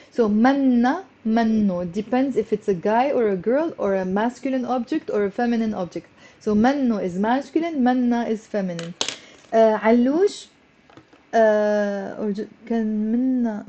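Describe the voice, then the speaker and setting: Woman, Lebanese accent, online language teacher, encouraging, fairly high pitch, muffled recording. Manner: lively and encouraging, switching between English and Arabic.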